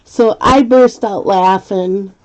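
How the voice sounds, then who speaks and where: A woman's voice: mid-range voice, takes it slowly. A middle-aged woman hosting a casual live stream while coloring, chatty, laughing often and reading viewer comments aloud. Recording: slightly muffled lo-fi stream audio.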